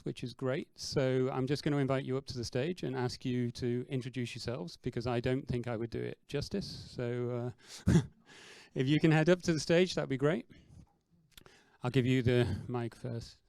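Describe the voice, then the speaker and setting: A man's voice: mid-range voice, normal speed, gravelly, a little mellow, no echo. Hesitant man moderating a panel. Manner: friendly, hesitant, many fillers. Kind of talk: event moderation. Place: stage at a fintech demo day event.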